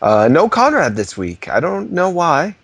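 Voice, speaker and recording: A man co-hosting a podcast, chatting playfully in a slow, hammy way. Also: fairly high pitch, wildly swooping pitch, creaky, fairly bright tone, husky, no room sound. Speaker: podcast co-host. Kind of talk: casual chat.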